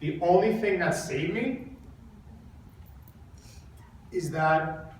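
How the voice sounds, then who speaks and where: A man speaking to an audience and telling an emotional personal story, halting and repeating words while holding back tears. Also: high voice, slight background noise. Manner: halting, repeats words, acts out quoted dialogue. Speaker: speaker at a coaching event. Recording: very echoey hall, mic far off.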